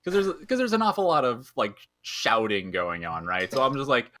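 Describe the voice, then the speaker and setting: A man taking his turn in a tabletop game, rambling and restarting as he talks. His voice is bright and lively, swinging widely in pitch. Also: moderate pace, a little hiss or hum. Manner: animated, rambling with repeated restarts. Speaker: player. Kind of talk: casual tabletop role-play.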